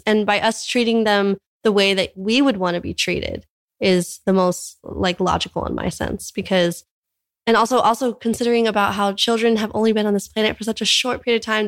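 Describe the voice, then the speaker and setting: A young California woman, appearing as a podcast guest, earnestly explains her views in a casual interview. Her medium-pitched voice is steady in tone and a little fast, and she talks in long runs of sentences peppered with "like."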